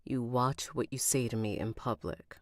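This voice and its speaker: A woman voicing a domineering rich young man who talks low and cold. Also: fairly even intonation, normal speed, no room sound, studio quality. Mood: menacing.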